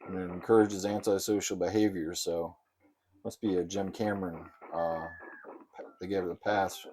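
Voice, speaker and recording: A man giving casual, sarcastic commentary while playing old console games, with loud outbursts. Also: low-pitched, steady tone, moderate pace, slight background noise. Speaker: gamer.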